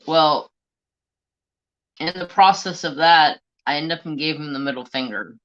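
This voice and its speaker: A man's voice: a little high, fairly even intonation, moderate pace, a bit bright, lo-fi sound. A man hosting a crafting live stream, telling stories in casual, profane chat. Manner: chatty, profane storyteller.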